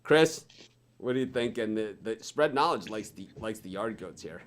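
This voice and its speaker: A man's voice: on the low side, expressive, normal speed. A man hosting a sports betting chat show, talking casually, laughing often and rambling between picks.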